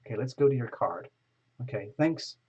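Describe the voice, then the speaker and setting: A man giving a casual online tarot reading, gently coaxing the listener and slowing down to read passages aloud. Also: medium pitch, animated, husky. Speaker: tarot reader. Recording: slightly dull lo-fi audio.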